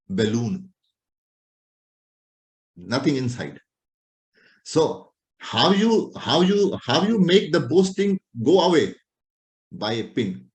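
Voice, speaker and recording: Lively lecturing male doctor. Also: a little high, slow pace, long pauses. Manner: lively, animated, playful teasing. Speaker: doctor teaching a class. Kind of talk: clinical lecture with acted examples. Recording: roomy echo.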